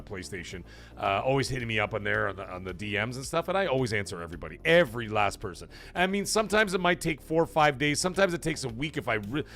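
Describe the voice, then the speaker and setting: A man's voice: mid-range voice, fairly bright tone. A man hosting a casual live stream, chatting with viewers, rambling with many fillers and restarts and swearing freely. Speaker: streamer and show host.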